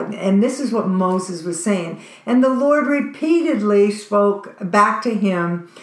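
A woman's voice: medium pitch, animated, takes it slowly. A woman preaching a sermon in a conversational, earnest way. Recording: roomy echo.

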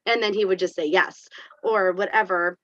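A woman who teaches special education chats through a classroom story, animated and full of fillers. Her audio is dull and lo-fi. The sound is dry and close. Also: medium pitch, a little fast, dry recording. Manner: chatty, animated retelling with many fillers. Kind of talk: casual storytelling in an interview.

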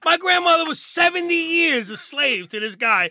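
Man, middle-aged, high bright voice, animated storyteller, swears, podcast guest. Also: normal speed, hardly any pauses, no echo, studio quality. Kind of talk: storytelling in casual chat.

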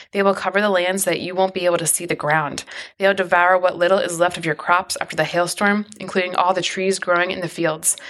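A woman with a fairly low voice reads a long scripture passage aloud. Her delivery is steady and even, as a show co-host taking a turn at reading. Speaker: podcast co-host and scripture reader. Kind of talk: casual chat, then plain scripture reading.

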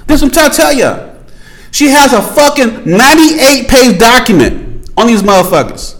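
A male podcast host with a high-pitched voice that swings widely up and down as he drives his points home. He rants in a casual, profane monologue, addresses his listeners directly with slang, and hammers his claims through repetition. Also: big pitch swings, normal speed, fairly bright tone, poor audio. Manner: emphatic, profane, repeats points for emphasis.

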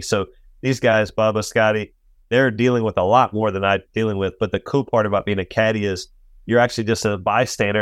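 An earnest man with a low-pitched voice tells stories in an interview, jumping up in pitch whenever he quotes someone. The close mic keeps the sound dry, with no room around him. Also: no echo. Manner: earnest storyteller, acts out quotes with rising pitch. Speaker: professional golf caddie, guest. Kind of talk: faith-based interview talk.

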